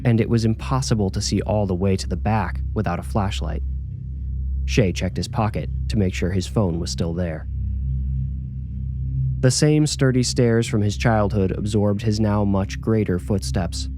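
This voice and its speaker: A man narrating a scripted horror story in a measured, calm way. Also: fairly low pitch. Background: music.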